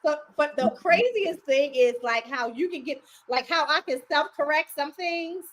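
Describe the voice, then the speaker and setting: An older woman with a Baltimore accent, casually chatting and laughing as a podcast co-host, her voice worn down and going hoarse. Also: high-pitched, normal speed. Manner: laughing, animated, teasing. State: losing her voice. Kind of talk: casual chat.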